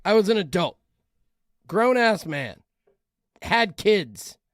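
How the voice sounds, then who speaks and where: A man in his forties chatting on a podcast, swearing freely and telling stories with a lot of life. His voice sits a little high for a man and swings widely in pitch. The sound is dry and close. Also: slow pace, no room sound. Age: 40s. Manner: animated, profane storyteller. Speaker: podcast co-host. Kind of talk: casual chat.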